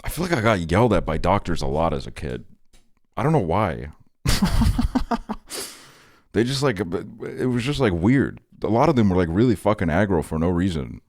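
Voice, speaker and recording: A young man with a very low voice talks casually to his stream chat, rambling through stories with plenty of swearing and "like" fillers. He answers viewer messages as he goes. The sound is dry and close, with no room echo. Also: very animated, moderate pace, long pauses, darkish tone. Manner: rambling, profane, heavy on "like" fillers.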